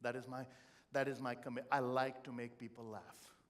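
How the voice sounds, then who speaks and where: A middle-aged motivational keynote speaker gives a live talk, telling stories expressively with humor and feeling. His voice is medium-pitched and his speed normal.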